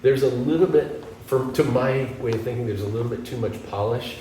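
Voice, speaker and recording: A man from the United States, a guest guitarist, telling animated stories in an interview and acting out the voices of people he quotes. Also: mid-range voice, fairly quick. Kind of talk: storytelling interview. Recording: echoey room from a distance, faint background noise.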